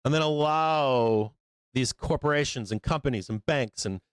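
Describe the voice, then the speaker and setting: A man's voice: medium pitch, moderate pace, clear, resonant tone, dry recording. A man hosting a live stock market show, talking in a blunt, profane, rambling way. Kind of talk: casual market commentary.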